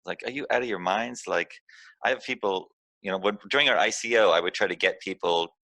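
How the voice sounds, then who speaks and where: A man's voice: deep voice, fairly quick, bright, forceful tone, dry recording. A man being interviewed as a company founder, talking candidly and with emphasis as he explains things at length. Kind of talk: casual interview chat.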